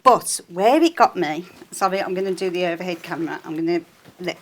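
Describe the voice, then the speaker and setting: A woman's voice: lowish voice, animated, a little fast, slight background noise. A woman giving a live sewing demonstration on a shopping channel, chatty and jokey as she explains each step.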